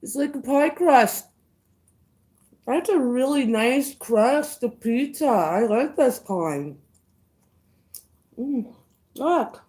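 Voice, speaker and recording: Woman, livestream eating chat, high voice, unhurried, greets viewers by name, savoring bites. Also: lively intonation, mellow. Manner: slow, chewing, savoring food with murmurs. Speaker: mukbang vlogger.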